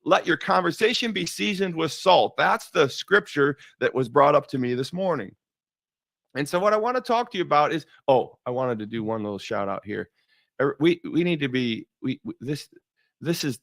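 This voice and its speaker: Gravelly, animated man hosting a talk show. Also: mid-range voice, no room sound, clean studio sound. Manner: animated storyteller, repeats words, laughs often. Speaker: show host. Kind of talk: casual faith talk show monologue.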